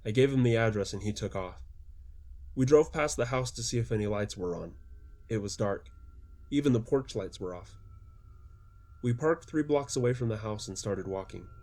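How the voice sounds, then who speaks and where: A man's voice: lowish voice, normal speed, long pauses, warm tone. A man reading his own story aloud as audiobook narration, with mild voices for the quoted lines.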